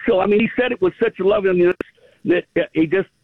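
A man's voice: high voice, quick pace, vocal fry, no room sound. A middle-aged man with a slight Southern accent, calling in to a radio show and telling a rambling, enthusiastic story. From California, US. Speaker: caller. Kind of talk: phone-in chat. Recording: tinny phone line.

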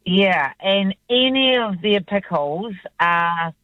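A woman's voice: medium pitch, animated, slow, no room sound, muffled recording. A woman calling in to a radio show, chatting in an eager, hesitant way with some stumbles. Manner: hesitant, enthusiastic. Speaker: radio caller. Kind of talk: casual phone-in chat. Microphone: phone line.

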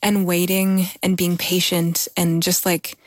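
This podcast host and narrator has a lowish, darkish voice with little pitch movement, speaking a bit slowly. She's eager and chatty, full of fillers, and her studio-quality recording has no room sound, just music underneath.

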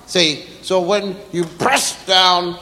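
A man doing stand-up, telling a long story slowly and acting out sounds and voices for a live audience. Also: high voice, steady tone, sharp tone. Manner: drawn-out, acts out sounds and voices. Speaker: stand-up comedian. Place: theater stage before a live audience. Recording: roomy live hall recording with crowd. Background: audience laughter.

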